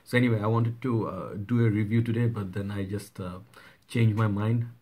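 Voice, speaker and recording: A man, hoarse from a cold, chatting casually in a fragrance vlog, rambling with many fillers and asides. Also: on the low side, fairly even intonation, brisk, dark tone. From Bangladesh. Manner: rambling, with frequent "uh" and "okay?". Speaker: fragrance reviewer.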